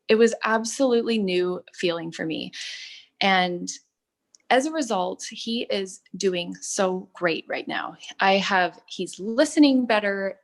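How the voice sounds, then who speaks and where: A woman in her thirties telling her personal story in a testimonial, earnest and halting, with many fillers and restarts. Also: mid-range voice, lively intonation. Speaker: product testimonial speaker.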